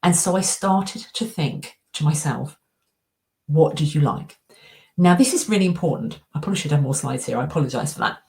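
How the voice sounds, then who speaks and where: A woman's voice: deep voice, animated, fast talker, gravelly, darkish tone. A middle-aged woman, giving a coaching presentation with slides and acting out her inner dialogue as she tells a story. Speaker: anxiety coach and speaker.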